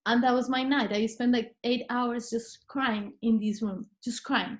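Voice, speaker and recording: A woman's voice: on the high side, moderate pace, few pauses. A woman, a podcast guest, telling a personal story in casual conversation and acting out what she said back then. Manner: animated, acts out her own past words.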